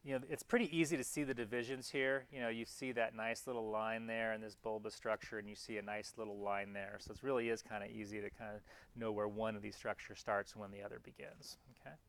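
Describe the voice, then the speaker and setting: A man's voice: fairly low pitch, fairly even intonation, fast, fairly bright tone. A man giving a classroom anatomy lecture in a casual, chatty way, often restarting mid-phrase and pointing out parts on slides as he goes. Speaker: anatomy instructor.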